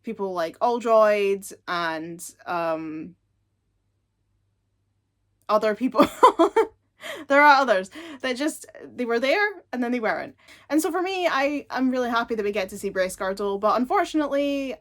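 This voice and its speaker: Woman host, a touch high-pitched, chatty and animated, casual TV review. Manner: chatty and animated, laughing often. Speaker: show reviewer. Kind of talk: casual chat.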